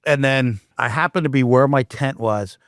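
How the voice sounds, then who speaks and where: A man's voice: medium pitch, moderate pace, no room sound, clean studio sound. A man hosting a podcast, telling a personal story casually and animatedly, often restarting his sentences. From Canada. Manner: animated, with frequent restarts and asides. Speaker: podcast host.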